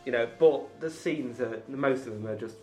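A man in a casual film chat, giving a measured, steady critique. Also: mid-range voice, soft background music. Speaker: film podcast panelist.

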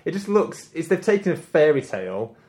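A man's voice: a little high, big pitch swings, a little fast, darkish tone. A man hosting a casual film podcast, chatty and loose, swearing and trailing off mid-thought. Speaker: podcast host. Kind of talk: casual chat.

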